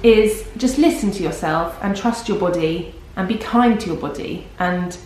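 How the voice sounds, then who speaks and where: A woman's voice: lowish voice, normal speed, a little mellow, slight background noise. Chatty pregnant woman in an echoey room. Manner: chatty, rambling, self-deprecating. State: pregnant and tired. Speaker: vlogger. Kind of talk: casual vlog chat.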